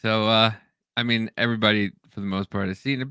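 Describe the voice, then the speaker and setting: A young man hosting a podcast in casual chat, laid-back and swearing often, acting out yelled quotes in stories. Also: fairly low pitch, steady tone, fast talker, clean tone, dry recording, clean studio sound. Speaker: podcast host.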